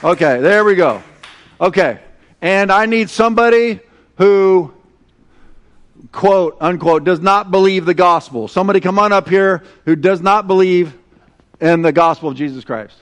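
High-voiced man preaching with call-and-response. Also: a little slow. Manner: animated and conversational, leads call-and-response with the congregation. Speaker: pastor. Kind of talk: sermon. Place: church sanctuary.

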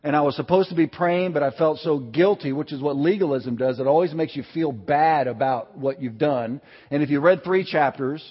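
Husky-voiced man preaching in a reverberant hall. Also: fairly high pitch, normal speed, few pauses. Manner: storytelling preacher, asks the congregation questions. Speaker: pastor. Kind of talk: sermon. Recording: dull sound with long hall reverb.

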